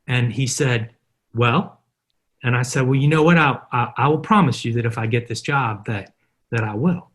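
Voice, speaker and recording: As a guest on a podcast interview, a middle-aged marketer tells animated stories and performs the quoted dialogue within them. He talks at a moderate pace with a medium pitch.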